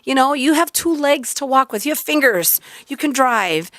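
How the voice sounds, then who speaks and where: A woman guest chatting on a radio show, telling lively stories and acting out what people said. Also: sits high, normal speed, no echo. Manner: excitable storyteller, acts out quotes. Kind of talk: casual chat. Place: radio studio.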